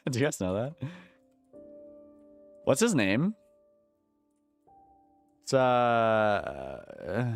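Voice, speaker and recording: A man streaming while he plays a game, chatting casually with his viewers in a joking, slangy way. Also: medium pitch. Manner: joking, slangy, talks to chat. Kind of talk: casual live-stream chat while gaming.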